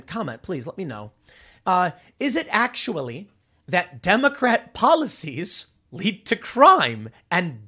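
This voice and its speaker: Animated man rambling through commentary. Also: sits high. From Chicago, USA. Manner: animated and rambling, with frequent restarts and repeated words. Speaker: political commentary host. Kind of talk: unscripted political monologue.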